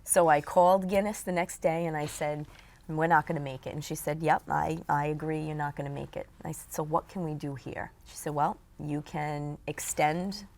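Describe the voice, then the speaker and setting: A woman guest in an interview, telling a story in an animated way and acting out what people said. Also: low-pitched, moderate pace, gravelly. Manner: animated storyteller, acts out quotes.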